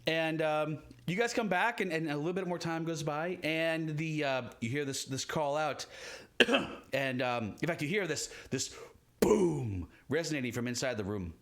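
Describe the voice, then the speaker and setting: A man's voice: fairly high pitch, lively intonation, normal speed, fairly bright tone. A man narrating a live tabletop game as game master, rambling with many fillers.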